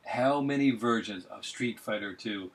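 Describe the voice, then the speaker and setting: A man's voice: mid-range voice, unhurried, poor audio. A man hosting a casual group chat, rambling, joking and laughing often. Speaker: podcast host.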